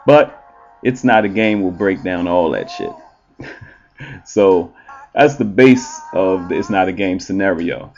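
Man, relationship show host, casual monologue, blunt and profane, lowish voice, dull lo-fi sound. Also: unhurried, faint music behind. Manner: blunt, profane and animated, with frequent fillers.

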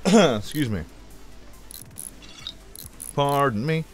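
A young man hosting a gameplay video, telling rambling jokey stories into a desk mic while he plays, with little sound effects. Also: fairly high pitch. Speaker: let's play host. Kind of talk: casual gameplay chat. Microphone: desk microphone.

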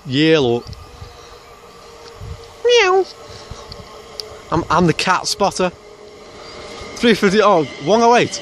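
A fairly high-voiced man calls out passing trains by number and lists their stops in a casual running commentary. He throws in jokey asides as he goes. He is recorded outdoors by a railway line, with a faint hum of open air and traffic behind him. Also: expressive, normal speed, hardly any pauses.

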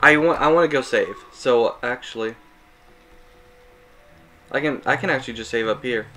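A man's voice: mid-range voice, normal speed, sharp tone, faint music behind. A man giving casual, rambling gameplay commentary, self-mocking and chuckling at his mistakes. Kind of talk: casual let's-play commentary.

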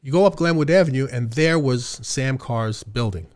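A man's voice: medium pitch, lively intonation, normal speed, darkish tone. An older man, a father telling family stories in a casual podcast chat and acting out the quotes. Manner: storytelling, acts out quotes. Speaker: father and guest.

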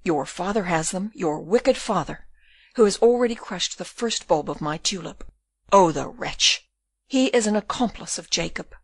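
A woman's voice: fairly low pitch, lively intonation, moderate pace, slightly rough, dry recording. A woman voicing a desperate young male prisoner in an audiobook, pleading and raging by turns.

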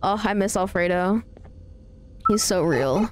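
A woman's voice: on the high side, expressive, measured pace, background noise. A woman live-streaming a horror game, chatting playfully with her viewers as she plays. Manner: chatty, playful, talks to chat. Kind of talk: live gameplay commentary.

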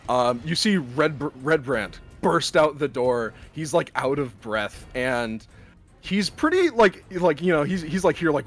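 Man running a tabletop game, lively swinging pitch, unhurried, faint music behind. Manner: animated, jumps into loud high voices for townsfolk. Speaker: game master.

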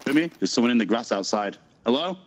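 A man's voice: medium pitch, expressive, fast. Chatty joking man on game voice chat. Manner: chatty, laughs, joking friendly act. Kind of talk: playful in-game banter.

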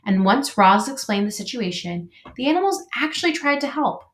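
Give me a woman teacher reading a storybook aloud. Her voice rises and falls in a lively, animated way. The room adds a clear echo to her reading. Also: on the high side, normal speed. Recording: roomy echo.

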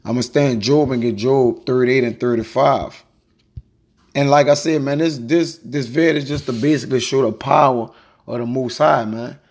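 A man teaching a quick, informal scripture lesson, reading verses aloud and peppering his talk with "man" and "all right". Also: medium pitch, fairly even intonation, darkish tone, husky. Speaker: Bible teacher.

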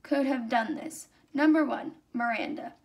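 A woman's voice: on the high side, unhurried, vocal fry. A young woman voicing a sour, suspicious young girl in a storybook read-aloud.

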